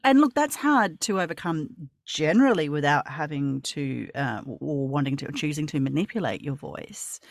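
A woman's voice: deep voice, animated, moderate pace, creaky, hardly any pauses, dry recording, studio quality. A woman interviewing a guest in a casual conversation, effusive and rambling, with many fillers and restarts.

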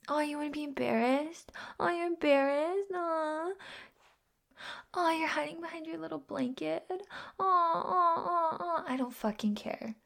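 A woman's voice: fairly high pitch, gravelly, dark tone. A woman playing a scornful, domineering young woman in a whispered role-play, harsh and mocking. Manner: harsh, mocking, profane, slow taunting.

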